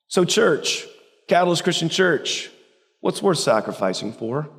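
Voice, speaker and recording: A man's voice: fairly high pitch, big pitch swings, a little slow, fairly bright tone. Man, pastor, Southern US accent, sermon, passionate, stumbles and repeats words, echoing church hall. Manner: impassioned, repeats words when pushing a point. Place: church sanctuary. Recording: long hall reverb of a church.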